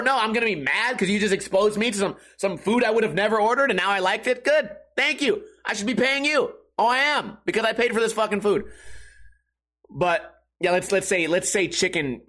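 A man's voice: high-pitched, fairly bright tone. A young man hosting a solo podcast, rambling casually with lots of swearing and laughing at his own jokes. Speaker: podcast host.

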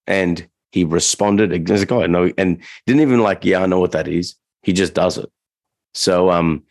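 A man with a low, gravelly voice talks through dog training on a casual podcast. His delivery is loose and rambling, full of fillers and restarts. The sound is dry and close, with no room around it. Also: dry recording.

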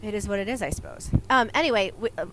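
A woman's voice: mid-range voice, expressive, fast, pushed and bright, slight background noise, rough recording. Chatty woman co-hosting a podcast. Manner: chatty, rambling with many fillers. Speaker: podcast co-host. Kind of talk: casual chat.

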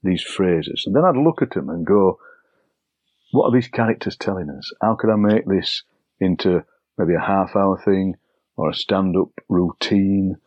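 Older male poet, anecdotal storyteller, husky low voice, dry and slightly muffled recording. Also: unhurried, no echo. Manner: chatty, anecdotal, acts out overheard lines. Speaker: poet and broadcaster, interview guest. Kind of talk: relaxed storytelling conversation.

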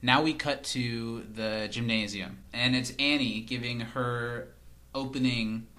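A man's voice: medium pitch, fairly even intonation, slow pace, pushed and bright. A man co-hosting a casual podcast, recapping scenes, quoting lines and laughing often. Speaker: podcast co-host. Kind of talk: casual rewatch chat.

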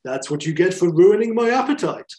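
A man's voice: high-pitched, lively intonation, a little fast, warm tone, voice pushed up. Suave zombie mastermind played by a man, vicious, gloating, menacing. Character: suave, vicious male brain zombie villain.

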